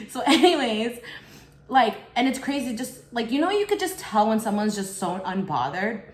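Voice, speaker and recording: A woman's voice: a little high, very animated, measured pace. A young woman vlogger telling a casual storytime while eating, chatty and full of "like", acting out other people in quotes. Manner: chatty, fills speech with "like", acts out others in quotes. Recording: roomy echo.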